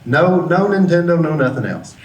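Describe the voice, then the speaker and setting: A man's voice: a little high, normal speed. A middle-aged man, a business coach, gives a motivational talk and acts out the people in his story. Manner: lively storyteller who acts out the dialogue. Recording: roomy sound, mic at a distance, faint background hum.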